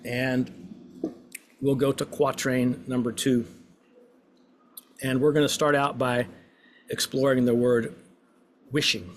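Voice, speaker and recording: Guy running a voice workshop, upbeat and playful, drags out the poem lines, medium pitch. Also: flat delivery, a little hiss or hum. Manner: encouraging, playful, drawn-out recitation. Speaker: workshop leader. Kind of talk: guided voice and poetry exercise.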